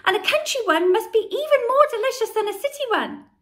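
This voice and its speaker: A woman voicing a shrill, tattling little boy in a storybook reading. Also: animated, brisk, a bit bright. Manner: shrieking, tattling. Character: shrill whiny little brother Peter.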